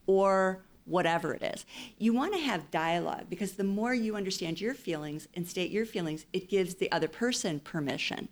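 A woman's voice: fairly low pitch, normal speed. A woman counselor giving advice in a casual interview, explaining her points with playful acted-out quotes.

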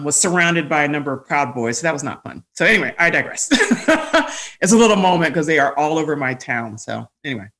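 A low-voiced woman, a guest, shares personal stories in a candid conversation. She is animated and laughs often, with plenty of fillers and restarts.

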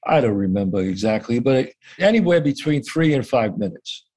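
A man's voice: medium pitch, expressive, normal speed, darkish tone. A man telling a story as an interview guest, acting out the dialogue and swearing casually.

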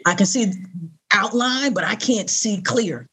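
A woman's voice: mid-range voice, a little slow, husky. A middle-aged woman, an interview guest, telling a personal story in an earnest, conversational way and acting out the voices of people she quotes. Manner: animated, acts out quoted voices.

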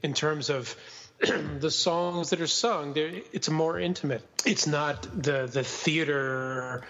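A man's voice: on the high side, slow, fairly bright tone, big-room sound, highs cut off. A man co-hosting a podcast, chatting about a film in a playful, mock-offended way. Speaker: podcast co-host. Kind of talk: casual film discussion.

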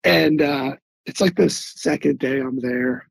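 A man from Philadelphia, an Army veteran and guest on an interview show, telling stories in an animated way and often repeating words as he searches for them. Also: mid-range voice, takes it slowly, vocal fry, no echo, poor audio. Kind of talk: casual interview storytelling.

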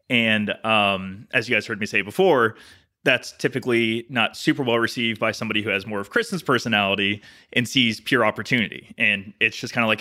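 A man co-hosting a podcast, talking casually in a reflective, measured way with many fillers. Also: mid-range voice, pushed and bright. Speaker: podcast co-host. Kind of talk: casual chat.

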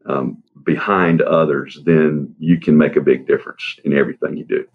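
A man with a very low voice, speaking as an interview guest. He talks in a halting way, pausing on fillers and laughing softly. The recording is dull and lo-fi. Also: fairly even intonation, husky. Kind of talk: interview storytelling. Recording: dull lo-fi sound.

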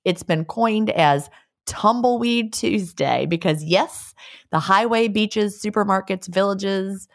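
A woman's voice: medium pitch, slow pace. A woman co-hosting a podcast, chatting casually, laughing often and reading listener letters aloud. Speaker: podcast co-host. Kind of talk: casual chat. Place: lives in a beach resort town.

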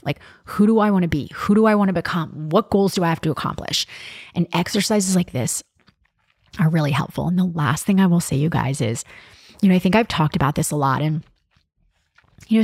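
This young adult woman hosts a podcast in a lowish, somewhat mellow, husky voice. Her talk is candid, chatty, and casual, peppered with fillers and swearing, and the studio-quality audio has no echo.

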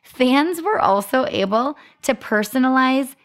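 A woman's voice: high voice, animated, measured pace. Upbeat young woman telling a story. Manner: upbeat storytelling, reads out marketing facts. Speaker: podcast co-host. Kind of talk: casual chat.

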